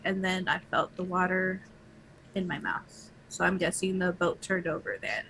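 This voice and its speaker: A woman's voice: fairly low pitch, fairly even intonation, normal speed, vocal fry, fairly bright tone, slight background noise, poor audio. A woman playing a tabletop role-playing game, talking hesitantly with many fillers and restarts. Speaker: player. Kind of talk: tabletop role-play, in and out of character.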